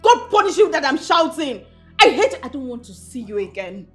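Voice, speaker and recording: An actress with a Nigerian accent playing an outraged young woman who shouts scornfully and tearfully at her mother, in a film scene. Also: high voice, big pitch swings, moderate pace, soft background music. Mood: furious. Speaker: daughter confronting her mother. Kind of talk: Nollywood film acting.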